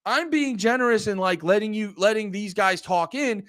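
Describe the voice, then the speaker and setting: Here a man from Pennsylvania, a comedian running a livestream, chats casually with viewers, swearing, rambling and getting heated. His pitch is high and his tone a bit bright, delivered at a moderate pace. It's a dry, studio-quality recording.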